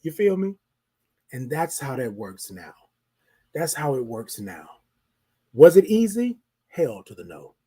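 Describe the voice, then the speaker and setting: A man's voice: medium pitch, huge pitch swings, unhurried, long pauses, mellow, breathy edge. A man hosting a motivational talk, emphatic, using rhetorical questions and repetition. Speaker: host of a motivational show.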